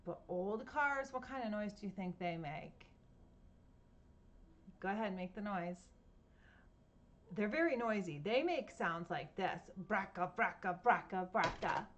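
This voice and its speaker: A woman's voice: mid-range voice, expressive, a little slow, long pauses, lo-fi sound. A woman reading a picture book aloud to children at home, playfully imitating sounds and asking her listeners questions. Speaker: storytime reader.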